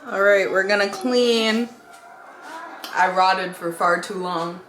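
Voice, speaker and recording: A woman's voice: mid-range voice, slow pace, fairly bright tone. A young woman vlogging in a casual chat, giggling often, swearing casually and gushing. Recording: roomy echoey sound.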